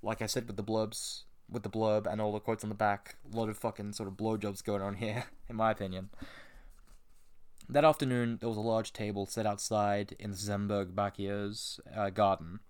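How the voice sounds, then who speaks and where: Brief: man, low-ish voice, reads a text aloud then riffs on it with dry, sarcastic, sweary remarks. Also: little pitch movement, moderate pace, clear, resonant tone. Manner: casual, sarcastic asides and swearing between read passages. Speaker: reader and commentator. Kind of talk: reading a book aloud with commentary.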